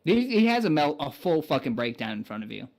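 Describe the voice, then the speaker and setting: A man's voice: fairly high pitch, big pitch swings, fast, vocal fry, darkish tone. A man narrating as game master in a tabletop game, often laughing as he describes the scene.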